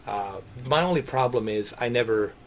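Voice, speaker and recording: Expressive and medium in pitch, a middle-aged streamer chats loosely at normal speed while gaming. He's laid-back and rambling, dropping "dude" and "man" constantly.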